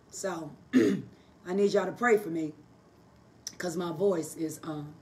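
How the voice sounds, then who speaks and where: A woman delivers a livestreamed Bible teaching in a voice worn hoarse. She preaches emphatically and folksily, pitched in the middle for a woman, and punctuates her points with call-and-response asides. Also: moderate pace, distant mic, background noise. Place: live online broadcast.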